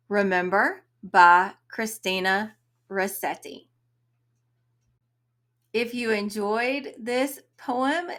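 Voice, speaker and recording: A young woman hosting a poetry channel, reading a poem aloud and explaining it in a slow, explanatory way. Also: mid-range voice, pushed and bright.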